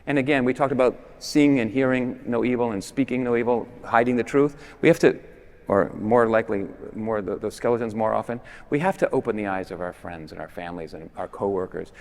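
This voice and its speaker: A man giving a persuasive conference talk with emphatic stresses that drop to quiet endings. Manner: emphatic, with swings between loud stresses and low, quiet endings. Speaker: conference speaker. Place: large basilica. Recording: long reverb in a big church.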